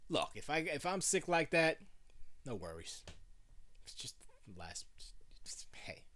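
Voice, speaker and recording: A man's voice: on the high side, big pitch swings, slow, pushed and bright. A self-described old man hosting a live stream from his home studio, chatting and rambling with many restarts. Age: older. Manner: rambling, full of restarts and playful voices. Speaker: livestream host. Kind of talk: casual livestream chat.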